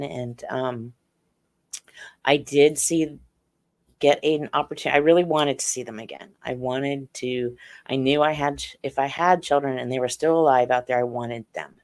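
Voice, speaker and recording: A middle-aged woman, a podcast guest, telling a personal story slowly and haltingly, with many fillers and restarts. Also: rumbling low, a little mellow.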